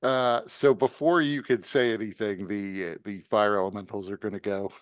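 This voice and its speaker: A man running a tabletop game as game master, narrating scenes and giving calm, matter-of-fact rulings. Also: lowish voice, moderate pace, smooth, no room sound.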